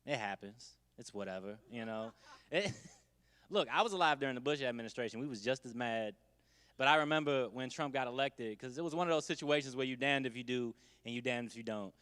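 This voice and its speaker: A male stand-up comedian talking in a laid-back, conversational way, with wry throwaway asides. His mid-pitched voice rings with a long hall reverb. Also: fairly quick, a bit bright, clean tone.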